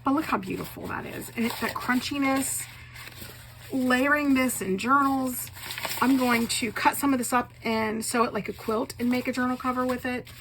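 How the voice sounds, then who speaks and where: A woman with a slightly raised pitch excitedly shows her craft work in a home video, repeating how wonderful and fantastic it all is. She is a bit choked up and coughs now and then. A steady hum of background noise sits under her voice. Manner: enthusiastic, gushing, repeats praise words. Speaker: craft vlogger, bookbinder. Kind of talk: casual show-and-tell.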